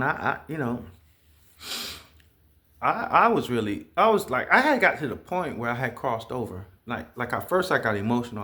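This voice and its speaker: A man telling stories in a casual monologue, profane and animated, imitating the sounds he describes. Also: medium pitch. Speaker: vlogger.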